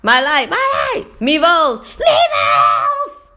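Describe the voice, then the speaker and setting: A woman voicing a sixth-grade boy who yells a chanted mantra at the top of his lungs, laughing as she shouts. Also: high voice, animated, drawn-out words, pitched above the performer's own voice, heavily acted. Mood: yelling chant.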